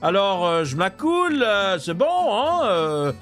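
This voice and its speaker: A smug Parisian snob with a thick Parisian accent, as a man puts him on, his voice pitched up and swooping all over. He drawls his boasts, stuffs them with fillers, and sounds bright and sharp. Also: sing-song, normal speed, soft background music. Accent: Parisian French, exaggerated.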